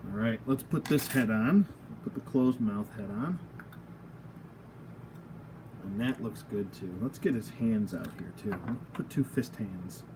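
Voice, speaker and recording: A man's voice: lowish voice, animated, a little slow, long pauses, background noise. A man hosting a casual toy review at home, rambling and goofy, laughing at himself as he goes. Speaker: toy reviewer, channel host. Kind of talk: casual unscripted product review. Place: at home, at a table of figures.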